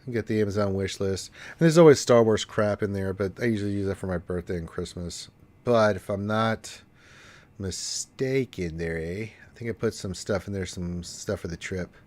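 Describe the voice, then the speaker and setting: A man's voice: on the low side, moderate pace, a little mellow. A congested man with allergies, hosting a casual gaming livestream and rambling with cursing asides. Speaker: livestream host.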